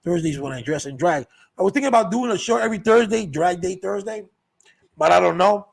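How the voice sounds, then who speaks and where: A man's voice: high voice, animated, fast talker, vocal fry, low-quality recording. A man telling a rambling, profane story in a casual monologue, full of restarts and repeated words. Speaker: show host telling stories.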